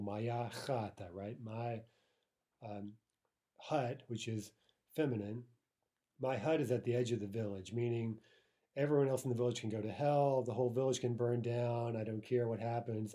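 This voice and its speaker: A man gives a recorded language lesson in a relaxed, warm voice. He explains each example patiently and often pauses to ask "right?" before moving on. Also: mid-range voice. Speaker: language teacher.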